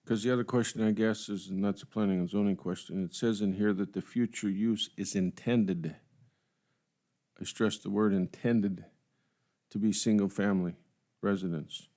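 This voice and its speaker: A man speaking as a county commissioner at a public meeting, halting and hedging with many restarts. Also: lowish voice, steady tone, warm tone.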